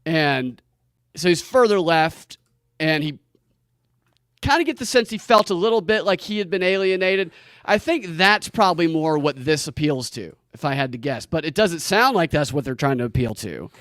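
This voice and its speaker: A man's voice: a little high, expressive, normal speed, a bit bright, no echo, studio quality. A man hosting a comedy podcast, joking wryly and laughing often in casual chat. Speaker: podcast host.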